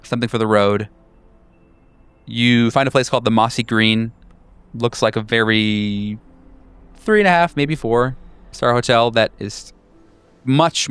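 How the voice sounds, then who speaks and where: A man narrating a tabletop horror game as game master, in a relaxed, wry way. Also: mid-range voice, clean tone.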